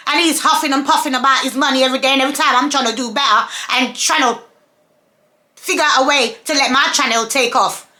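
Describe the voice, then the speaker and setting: Her voice sits high and carries a sharp edge. She is an adult woman, a mother of several children and a vlogger, ranting to the camera in a casual monologue that is emphatic, repetitive and full of rhetorical questions.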